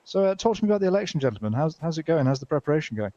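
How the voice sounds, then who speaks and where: A quick-talking British man interviewing candidates in a game role-play, dry and teasing in his delivery. His voice sits a little high for a man and comes through slightly dull and lo-fi. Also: big pitch swings, mellow. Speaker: news reporter character.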